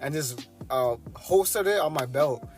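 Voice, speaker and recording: A man's voice: a little high, animated, a little slow, soft background music. A young man, a podcast co-host, telling a story in casual chat, full of ums and restarts.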